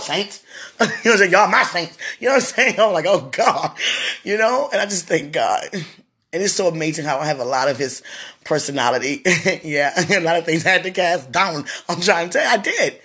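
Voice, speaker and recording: A low-pitched, husky, somewhat bright-voiced woman hosts a podcast built on casual personal storytelling. She's chatty and quick to laugh, and she talks about her faith.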